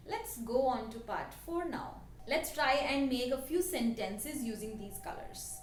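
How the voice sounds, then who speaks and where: A woman with an Indian English accent, teaching a language lesson slowly and patiently and repeating each word for her learners. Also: high voice, lively intonation. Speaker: French teacher. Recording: echoey room, voice a bit distant, faint background hiss.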